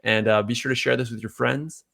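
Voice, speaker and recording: A man hosting a casual podcast chat, telling a rambling story and getting animated when he quotes people. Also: medium pitch, brisk, creaky. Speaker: podcast host.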